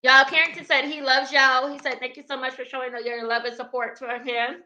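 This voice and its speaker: Bright-voiced chatty woman livestreaming. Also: high-pitched, flat delivery, a little fast. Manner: chatty, laughs often, talks to viewers as y'all. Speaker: livestream host reading chat. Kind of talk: casual livestream chat.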